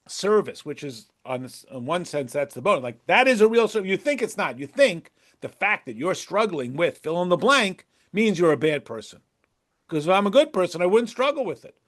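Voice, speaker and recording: A man's voice: high voice, fairly bright tone. A man teaching a religious text to a class, acting out imagined dialogues and repeating words for emphasis. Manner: acts out imagined dialogues with shifting voices. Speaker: Torah teacher. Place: classroom with a board.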